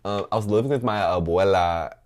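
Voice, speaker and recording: A young man telling a story in a casual chat, sassy and dramatic, laughing often and full of fillers. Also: fairly quick. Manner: animated, laughing, mimics others in high-pitched voices. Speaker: podcast host telling a story.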